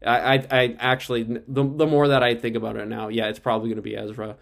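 A man giving a casual, excitable episode recap, swearing freely and rambling with frequent restarts. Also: medium pitch, fast talker, vocal fry. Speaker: show reviewer.

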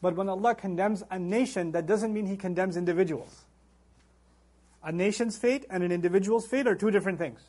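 A man's voice: high-pitched, brisk, darkish tone. A man teaching a Quran lecture, speaking emphatically and reciting Arabic verses between his English explanation. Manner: emphatic, acts out quoted voices. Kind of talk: religious lecture.

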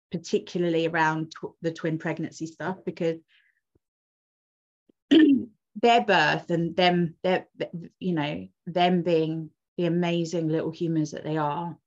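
A woman, a twin mother and doula, telling a personal story in casual conversation, emotional and full of restarts. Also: sits low. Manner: emotional, rambling with many restarts. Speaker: podcast guest, twin mum and doula. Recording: dull lo-fi audio.

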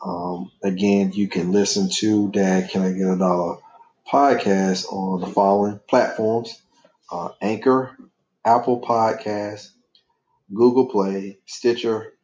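A man's voice: on the low side, fairly even intonation, takes it slowly, a little mellow. A man hosting a podcast with his son, chatting casually in a loose, rambling way and laughing easily. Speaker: podcast host and father. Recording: echoey, dull lo-fi room sound.

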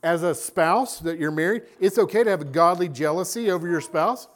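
Guy pastor preaching, lively, acts out bits, slightly high voice. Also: brisk. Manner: animated preaching, acting out voices. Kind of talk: sermon.

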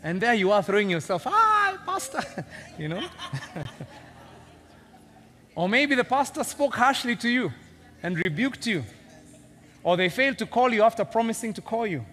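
A man preaching a sermon, animated and joking as he teases his congregation. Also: high-pitched, fairly quick. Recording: long reverb of a big hall.

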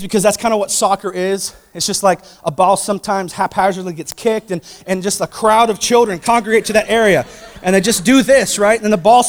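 A man preaching a sermon, telling a personal story in an animated way with many "like" fillers and sudden bursts of shouting. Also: high voice, brisk. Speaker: pastor. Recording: long church hall reverb.

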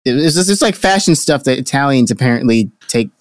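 A man's voice: mid-range voice, expressive, fairly quick, no echo. A young man co-hosting a podcast, telling a travel story in casual chat, rambling and swearing a lot. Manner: rambling, swears a lot, acts out what people said. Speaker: podcast co-host.

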